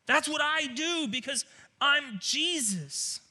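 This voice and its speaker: A man preaching a sermon, speaking as a powerful, reassuring savior in a fervent, insistent voice, pitched higher and louder than his plain talk. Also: lively intonation, slow pace, exaggerated voice.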